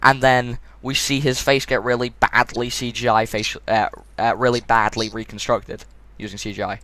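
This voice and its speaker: A man's voice: mid-range voice, flat delivery, normal speed, a bit bright, dry recording. A man reviewing a film in casual chat. He is blunt and mocking, and he steers the discussion.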